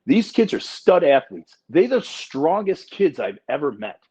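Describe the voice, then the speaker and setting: A man's voice: on the high side, big pitch swings, unhurried, dark tone, slightly rough. A man in his forties co-hosting a casual podcast chat, talking bluntly and emphatically with plenty of profanity. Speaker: podcast co-host. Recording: dull lo-fi recording.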